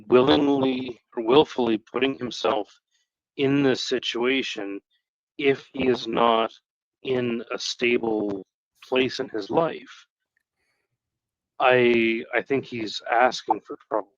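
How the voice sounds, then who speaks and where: A man speaking as a guest on a stream call, slow and deliberate in a casual chat, with some stammering. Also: mid-range voice, no room sound. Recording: dull, muffled call audio.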